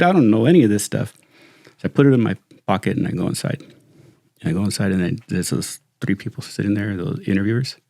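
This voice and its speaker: A middle-aged man, a retired sheriff's lieutenant, telling stories in a casual, animated way and saying "dude" often. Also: lowish voice, gravelly, no room sound, studio quality. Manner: animated, slangy, says "dude" constantly. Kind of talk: casual storytelling chat.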